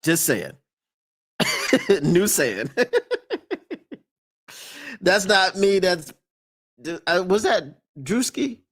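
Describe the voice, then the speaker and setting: A man hosting a podcast live stream in casual chat, emphatic and quick to laugh, repeating his points for effect. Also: high-pitched, very animated, a bit bright, husky.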